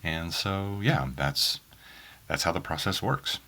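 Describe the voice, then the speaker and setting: A man's voice: low-pitched, big pitch swings, takes it slowly, bright, forceful tone. A man from Oklahoma with a faint Southern accent, an audiobook narrator answering interview questions in a rambling way full of ums. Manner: rambling, many ums and restarts. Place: small home booth in a spare bedroom.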